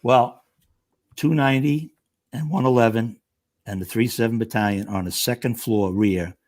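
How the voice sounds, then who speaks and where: As a guest on a podcast, a middle-aged man who retired as a fire lieutenant speaks at a moderate pace with a medium pitch. His casual storytelling is animated, and he performs the voices of the people he describes.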